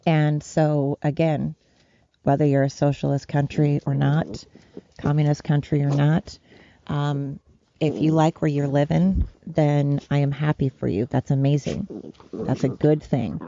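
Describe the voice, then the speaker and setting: Gravelly, dark-voiced woman ranting. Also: low-pitched, steady tone, a little slow, muffled recording, slight background noise. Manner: profane, rambling, worked-up. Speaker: podcast host. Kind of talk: solo podcast rant. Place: at home with her dogs.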